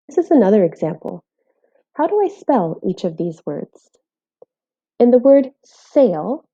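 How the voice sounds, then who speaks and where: A woman teaching phonics in a scripted voice-over, speaking clearly and carefully while sounding out letters. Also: on the low side, mellow, dull audio. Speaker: literacy teacher.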